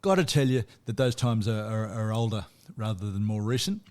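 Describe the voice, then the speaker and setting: A man hosting a podcast, telling music history in a relaxed, casual way with frequent fillers and restarts. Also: lowish voice, brisk. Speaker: podcast host.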